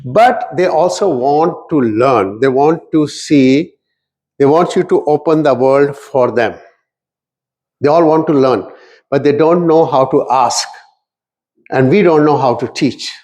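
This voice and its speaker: A middle-aged man with a slightly raised pitch delivers an animated talk. He tells stories in English with phrases woven in. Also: unhurried. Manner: lively, mixes Urdu phrases into English. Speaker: speaker at a community talk.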